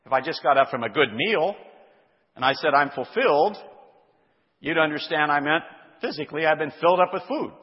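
A male pastor teaching an expository sermon, reading scripture aloud and explaining its words with deliberate care. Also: a little high, animated. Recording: dull lo-fi sound with long hall reverb.

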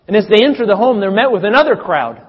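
Male preacher, dramatic storyteller, slightly high, muffled sound. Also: animated, fast, breathy edge. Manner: storytelling, dramatic swings in loudness. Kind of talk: sermon. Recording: dull sound with long reverb.

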